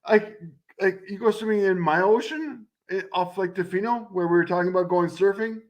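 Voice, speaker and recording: A man's voice: high-pitched, a little fast. A man from Canada co-hosting a casual betting stream, bantering loosely and swearing a lot. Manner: swearing, laid-back banter. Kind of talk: casual chat.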